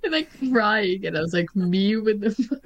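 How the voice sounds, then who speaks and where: A woman's voice: medium pitch, animated, takes it slowly, muffled recording. A young woman co-hosting a podcast, telling stories and teasing her friend in casual chat. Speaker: podcast co-host.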